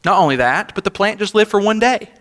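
A young man, a senior pastor, preaches a sermon in a conversational, emphatic style, dropping in rhetorical asides. His voice is high-pitched, animated, fast and fairly bright. The recording carries the long hall reverb of the church sanctuary where he speaks.

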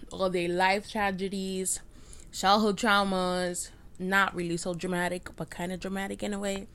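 A young woman whose first language is Spanish, hosting her own podcast and ranting in a rambling, self-mocking way, with loudness and pitch jumping often. She records on a cheap microphone. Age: late teens. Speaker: podcast host. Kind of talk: casual rant. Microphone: cheap home USB microphone.

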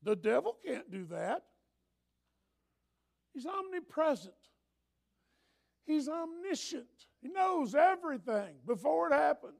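A man preaching a sermon in an animated, impassioned way, often breaking into shouts. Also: extremely high pitch, normal speed, gravelly, hardly any pauses.

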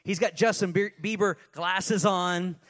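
High-voiced preaching man, lively. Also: unhurried. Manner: energetic preaching with asides and put-on voices. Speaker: pastor. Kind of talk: sermon.

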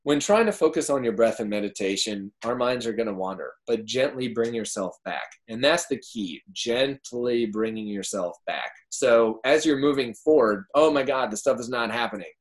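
Brief: male entrepreneur guest, animated and profane, average pitch. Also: moderate pace, few pauses. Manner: excitable, swears freely, animated with big pitch jumps. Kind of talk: casual interview chat.

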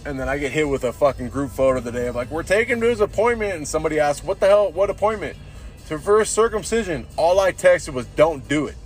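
A slightly high-voiced man rambles through a podcast monologue after a few beers, tipsy and loose. He swears freely and drops "dude" into almost every sentence. Faint music sits behind him. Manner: profane, says "dude" constantly. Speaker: podcast host.

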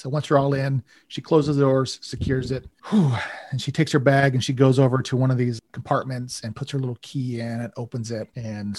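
Husky man narrating a tabletop game. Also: medium pitch, dry recording. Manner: relaxed, rambling, many fillers. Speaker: game master.

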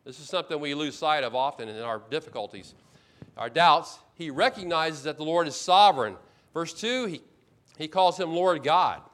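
Male pastor, sermon delivery, fairly high voice, emphatic and repetitive, slips into first-person asides. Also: lively intonation, moderate pace, a bit bright. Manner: expository preaching with emphatic repetition; acts out the speaker's complaints in first person.

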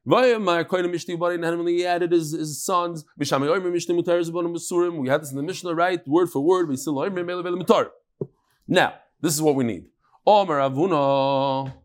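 A man teaching a Talmud class, telling stories and quoting Hebrew and Aramaic terms with lively repetition. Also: on the high side, quick pace. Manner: lively, sprinkles Hebrew and Yiddish terms, repeats words. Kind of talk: animated Talmud class with storytelling.

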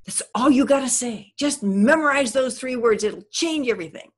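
A middle-aged woman giving a seminar talk on communication skills, telling personal stories in an animated way and acting out what people said. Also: fairly high pitch, normal speed, breathy edge. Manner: animated storyteller, acts out quotes.

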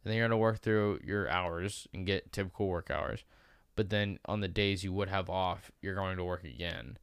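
Young male podcast host, low smooth voice, loose rambling chat, dry sound. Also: steady tone, normal speed, no room sound. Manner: rambling, restarts, swears casually. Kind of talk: casual chat.

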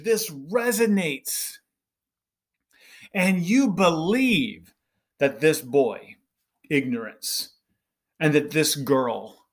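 A middle-aged man delivers a podcast monologue in a slightly raised voice. He speaks slowly and earnestly, with a preachy tone, and often pauses to ask "right?". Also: fairly high pitch. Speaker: podcast host.

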